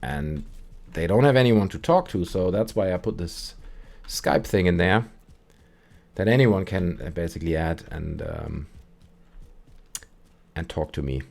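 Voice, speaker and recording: A man's voice: low-pitched, unhurried, creaky, pauses often. A man hosting a live stream, chatting casually and rambling through stories while he plays. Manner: rambling, animated storytelling with put-on quote voices. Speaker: streamer and call-in show host. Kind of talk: casual gaming stream chat.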